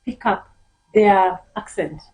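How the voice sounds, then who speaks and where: A woman's voice: mid-range voice, slow pace, poor audio. Kenyan woman telling her story. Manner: animated storyteller, mimics other accents with laughter. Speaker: interview guest giving testimony. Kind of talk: casual conversational testimony.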